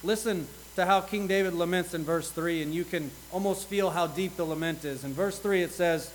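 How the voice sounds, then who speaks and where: A man with a high voice preaches an earnest sermon to his congregation. He reads scripture aloud with rising intensity. A faint hum sits underneath the recording. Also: moderate pace, hardly any pauses, rough recording.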